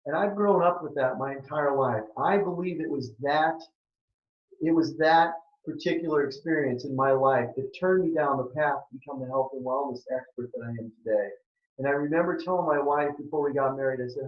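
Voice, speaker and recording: A man's voice: medium pitch, moderate pace, highs cut off. Earnest man in his sixties, echoey. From southern Minnesota. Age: 60s. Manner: earnest, emphatic, repeats key phrases. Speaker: health and wellness practitioner presenting a webinar. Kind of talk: presentation with a sales pitch.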